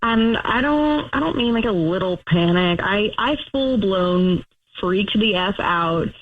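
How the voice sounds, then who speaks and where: A woman's voice: mid-range voice, expressive, measured pace. A young woman calling in to a talk show, chatty and gushing, with many fillers and restarts. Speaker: caller. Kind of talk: telling a dating story on a call-in show. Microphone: phone. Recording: tinny phone line.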